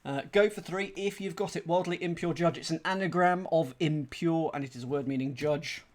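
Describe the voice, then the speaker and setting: A man streaming a crossword solve, thinking aloud in a chatty, self-deprecating way and reading clues out slowly. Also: a little high, a little mellow. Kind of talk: casual thinking-aloud commentary.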